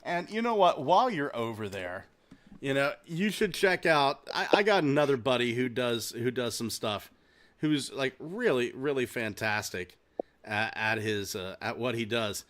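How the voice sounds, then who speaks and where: A man hosting a casual comedic podcast, telling rambling, excitable stories and swearing freely. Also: medium pitch, measured pace. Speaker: podcast host.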